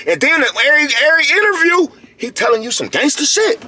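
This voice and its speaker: A man giving a casual commentary monologue to his viewers, animated and slangy, repeating himself and calling out to them often. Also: extremely high pitch, normal speed, pauses often, a little hiss or hum. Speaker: video commentator.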